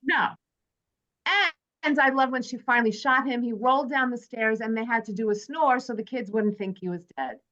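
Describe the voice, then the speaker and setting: A woman's voice: a little high, moderate pace, pushed and bright. A woman hosting a casual movie club chat, reading from her notes and joking with friends. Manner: chatty, jokey, reads from prepared notes. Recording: dull lo-fi sound.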